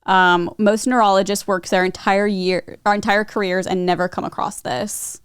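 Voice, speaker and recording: A woman's voice: medium pitch, steady tone, normal speed, smooth, dry recording, studio quality. A young woman co-hosting a podcast who chats casually, laughs often and says "like" a lot. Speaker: podcast co-host. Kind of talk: casual chat.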